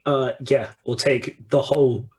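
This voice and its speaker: A man's voice: mid-range voice, steady tone, measured pace. A man playing a tabletop game, talking casually and muttering to himself while he checks the rules. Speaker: player.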